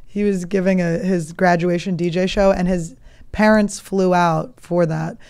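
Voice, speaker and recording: A woman's voice: lowish voice, fairly even intonation, measured pace, darkish tone, smooth. A woman in her thirties hosting a comedy podcast, telling stories in a blunt, profane, joking way. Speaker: podcast host. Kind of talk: casual comedic chat.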